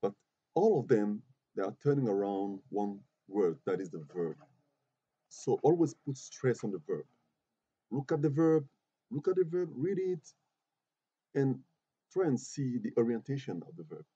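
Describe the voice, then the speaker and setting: A man teaches grammar to a class, his voice very dark and a little husky. He talks patiently, repeats his words and keeps checking that everyone follows. The recording is dry and muffled, with little room sound. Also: medium pitch, big pitch swings, a little slow, pauses often, no room sound. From Côte d'Ivoire. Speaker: English teacher.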